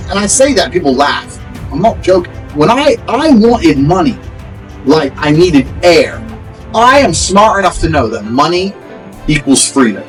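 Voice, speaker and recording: Faint music plays behind a fairly high-pitched English man whose low-quality recording carries a foul-mouthed motivational tirade. He lectures his audience bluntly and imitates others' speech to ridicule it.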